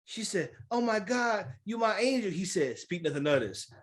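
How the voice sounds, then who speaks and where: A man with a high voice that leaps all over the place, telling stories with animated energy and acting out each quote. He talks in casual podcast banter with phrasing, laughing along as he goes. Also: normal speed. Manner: animated, laughing storyteller who acts out quotes. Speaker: podcast co-host. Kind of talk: casual chat.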